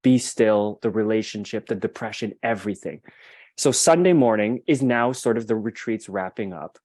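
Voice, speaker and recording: A man's voice: on the low side, normal speed, a little mellow, no room sound. A young adult man guesting on a podcast, earnestly telling a personal story and often restarting his sentences. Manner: earnest and reflective, with frequent restarts.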